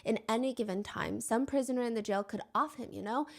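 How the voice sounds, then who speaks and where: A woman narrating a true crime story in a measured way, reading out quotes from the people involved. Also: fairly high pitch, vocal fry.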